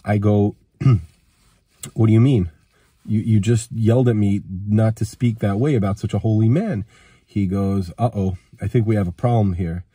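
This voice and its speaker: A man with a cold tells a personal story in a loose, rambling way and voices the people in it. His voice is low, dark and husky, and it is recorded dry and close. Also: a little slow, no room sound. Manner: rambling, acts out quoted dialogue. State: has a cold.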